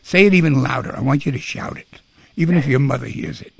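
A man's voice: medium pitch, fast talker, vocal fry, slightly rough. A man hosting a call-in radio show, coaching a caller in a pushy, coaxing way and repeating his commands. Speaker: radio host.

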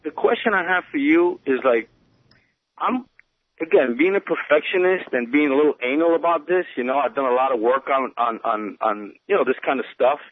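A man calling in to a radio show, speaking hesitantly with many pauses and restarts as he confides. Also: a little high, no echo. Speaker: radio caller. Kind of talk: phone-in conversation. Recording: tinny phone line on radio.

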